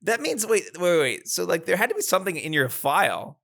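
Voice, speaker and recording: Bright-voiced man reacting in casual chat. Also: high voice, very animated, a little fast, creaky. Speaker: podcast guest.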